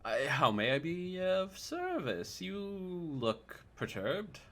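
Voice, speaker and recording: A man's voice: on the high side, sing-song, slow, fairly bright tone, pitched above the performer's own voice, full character voice. A man voicing a courteous, scholarly male monster hunter who speaks formally in a tabletop game. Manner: polite, formal old-fashioned speech.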